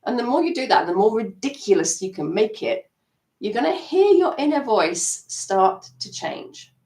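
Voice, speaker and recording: Animated woman coach in a roomy room. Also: fairly high pitch, moderate pace. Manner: animated, acts out inner self-talk. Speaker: EFT coach. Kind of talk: live-stream self-help coaching. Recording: roomy sound, mic at a distance.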